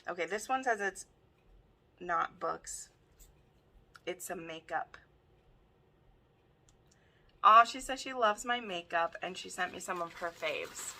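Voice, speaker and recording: Excitable woman vlogger, gushing unboxing chat, bright tone, slow delivery. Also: on the low side, a little hiss or hum. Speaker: book video host.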